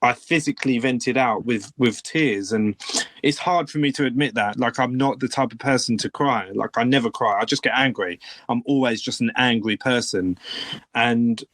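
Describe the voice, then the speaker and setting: A man's voice: medium pitch, moderate pace, fairly bright tone, dry recording. A man co-hosting a podcast from home, talking earnestly and openly about his feelings in casual chat. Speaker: podcast co-host. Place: home room.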